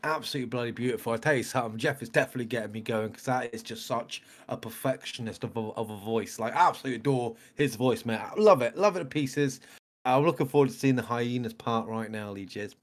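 A man's voice: mid-range voice, quick pace. Gushing man who says mate a lot. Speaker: reaction video co-host. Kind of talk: casual chat.

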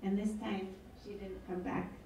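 A woman's voice: mid-range voice, level tone, moderate pace, dark tone, recorded from a distance, slight background noise. A woman author reading her book aloud at an event, with wry, chatty asides. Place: event hall. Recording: echoey hall, mic from afar.

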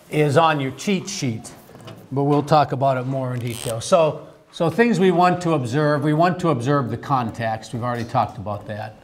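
A male theology teacher, speaking in a slightly high voice. He lectures a class in a halting way, restarting his sentences and turning to the room with questions. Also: slight background noise.

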